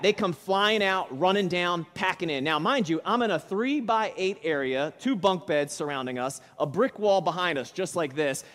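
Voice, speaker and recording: A male pastor preaching in church, spinning a dramatic story with emphatic punches. His voice runs high for a man, and a long reverb from the hall trails each phrase. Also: fairly bright tone. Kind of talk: sermon.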